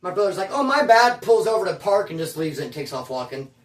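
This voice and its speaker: A man casually telling a long story in slangy, animated speech, acting out what others said. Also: on the high side, fast, reverberant, distant mic. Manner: animated, slangy, acts out quotes. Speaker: guest telling his story.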